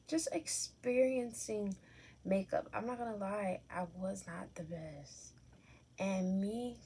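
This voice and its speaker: A woman's voice: medium pitch, darkish tone, a little hiss or hum. A young adult woman casually talking through a makeup tutorial at home, chatty and candid, correcting herself as she goes. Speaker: makeup vlogger.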